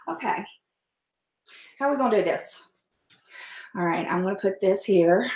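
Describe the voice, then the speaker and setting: In an echoey home kitchen, a middle-aged host chats casually on her cooking livestream, salty in manner and quick to laugh. Her fairly high voice is expressive and unhurried, and she pauses often.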